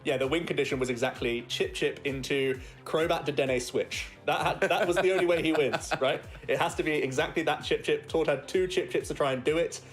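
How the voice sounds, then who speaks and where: A man co-commentating a competitive card game, relaxed and often chuckling while he breaks down the plays. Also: a little high, brisk, few pauses, soft background music.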